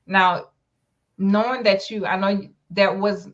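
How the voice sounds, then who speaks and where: A woman's voice: mid-range voice, fairly even intonation, measured pace, lo-fi sound. A woman hosting an interview, asking questions in a rambling, affirming way with many fillers. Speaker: talk show host. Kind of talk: casual interview chat.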